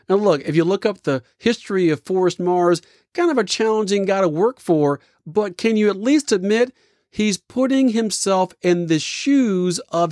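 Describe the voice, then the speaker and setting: A man hosting a motivational leadership talk, telling stories in a punchy, energetic way. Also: high voice, no echo, studio quality. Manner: energetic, punchy storytelling with acted quotes. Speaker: leadership podcast host.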